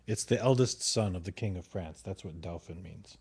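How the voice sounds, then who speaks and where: A man's voice: low voice, normal speed, darkish tone, slightly rough. A man co-hosting a podcast, adding brief remarks and laughing along.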